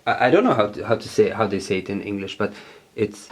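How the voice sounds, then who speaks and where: A man whose first language is German, casually showing his home studio gear, halting with many fillers and repeats as he searches for English words. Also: fairly low pitch, animated.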